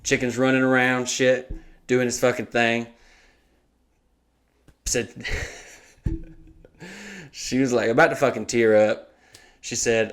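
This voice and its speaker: A man on a comedy podcast spinning a long, profane story about someone he knows, slipping into the voices of the people in it as he goes. His pitch sits in a middle range for a man, and his delivery is animated and loose. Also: slow pace, pauses often. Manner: animated, acts out quoted voices, swears a lot. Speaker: podcast co-host.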